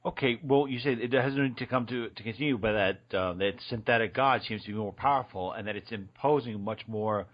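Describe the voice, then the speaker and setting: A man's voice: on the low side, fairly quick, hardly any pauses. A man hosting a radio show, asking frank, searching questions and often restarting his sentences. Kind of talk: interview questioning. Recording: dull lo-fi radio audio.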